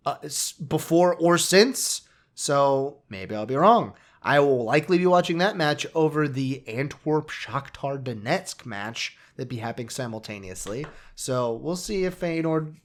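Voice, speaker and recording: A man co-hosting a casual sports podcast, chatty and self-mocking, often trailing off mid-thought. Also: on the high side. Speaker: podcast co-host.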